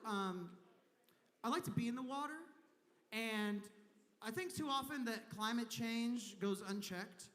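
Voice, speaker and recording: A man's voice: extremely high pitch, fairly bright tone. A man from Kentucky doing a crude, rambling stand-up set on a convention stage, slipping into voices for the people he talks about. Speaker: stand-up comedian. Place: large convention hall stage. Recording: long hall reverb.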